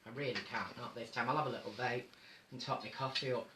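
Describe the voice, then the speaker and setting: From a room in his home, a man with a North Manchester accent hosts a casual live stream, camp, chatty and theatrical, calling his viewers darling. His mid-range voice moves quickly with fairly even intonation. The sound is roomy, with heavy background noise.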